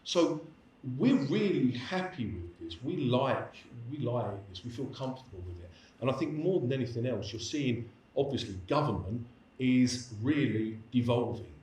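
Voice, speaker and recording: A man's voice: mid-range voice, expressive, normal speed, darkish tone. Guy lecturing, rambling friendly stories, lots of restarts, echoey hall, mic kinda far. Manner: chatty, anecdotal, many restarts. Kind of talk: lecture Q&A answer.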